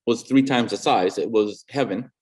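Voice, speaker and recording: A man in his fifties from New England, speaking as a guest artist and educator in casual interview chat, earnest and halting, often restarting and repeating words. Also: medium pitch, darkish tone, husky. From New England, USA.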